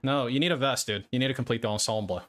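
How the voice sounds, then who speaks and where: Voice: medium pitch, racing. A stream co-host bantering casually during a game, teasing, crude and mock-sarcastic. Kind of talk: casual banter while gaming.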